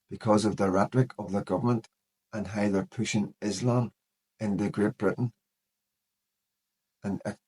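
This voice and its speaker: A man in his fifties speaks in a somewhat low voice, earnest and worried. He delivers personal commentary straight to his viewers. He fills his sentences with "you know". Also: darkish tone, husky. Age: 50s. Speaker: vlogger.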